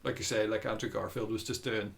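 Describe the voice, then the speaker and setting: A man's voice: fairly low pitch, fairly even intonation, fast talker, gravelly, slight background noise. A man hosting a podcast, chatting casually about movies with hesitant fillers. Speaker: podcast host.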